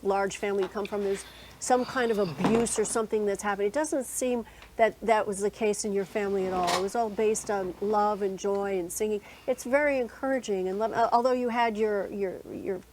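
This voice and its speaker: A woman's voice: medium pitch, steady tone, brisk, noisy background. Encouraging female co-host. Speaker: talk show co-host. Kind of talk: interview.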